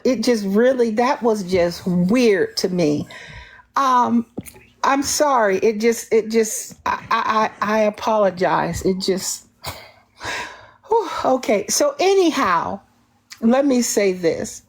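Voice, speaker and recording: A woman with a slightly high voice hosts a live-streamed call-in show, taking callers with sassy, confrontational emphasis. She often repeats herself, restarts sentences, and refers to herself in the third person.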